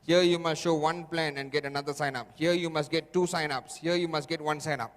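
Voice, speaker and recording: Casting: emphatic sales trainer, man with a high voice, long hall echo. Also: fairly even intonation, fairly quick. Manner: emphatic, repetitive, constant "okay?" checks with audience. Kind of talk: motivational seminar talk. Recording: echoey hall.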